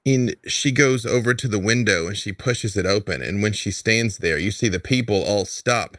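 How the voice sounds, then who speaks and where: Uomo che narra da master, tono disinvolto. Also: male voice, lowish voice, normal speed, fairly bright tone, no room sound, studio quality. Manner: casual, loose narration with fillers. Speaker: game master. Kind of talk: narrating a tabletop game.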